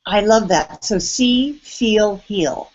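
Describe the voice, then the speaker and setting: Excited woman host on lo-fi audio. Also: medium pitch, takes it slowly. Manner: eager, excited. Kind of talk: conversational interview.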